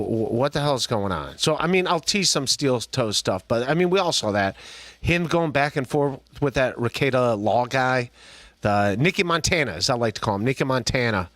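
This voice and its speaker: A man hosts a livestreamed podcast in a loose, rambling way, cracking jokes and restarting his sentences. His voice sits at an ordinary middle pitch. The sound is dry and close, with no room around it. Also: fairly bright tone, dry recording. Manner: rambling, joking, lots of restarts and laughs. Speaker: podcast host. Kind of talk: casual livestream commentary.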